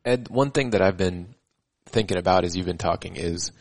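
A man's voice: deep voice, moderate pace. A man, a firefighter and podcast host, talking casually and earnestly about work. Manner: relaxed, earnest, casual swearing. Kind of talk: casual chat.

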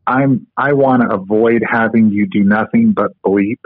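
A man's voice: lowish voice, normal speed, no room sound. Man explaining over a tinny phone line. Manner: casual, explanatory, with fillers. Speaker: guest, medical instructor. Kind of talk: podcast interview explanation.

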